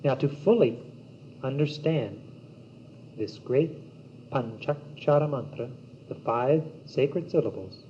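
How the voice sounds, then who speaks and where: Man, yoga teacher, slow meditative phrasing, mellow tone; dull old cassette recording. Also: medium pitch, expressive. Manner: slow, measured, meditative delivery with long pauses. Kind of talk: spiritual teaching talk. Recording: dull old cassette tape with faint hiss.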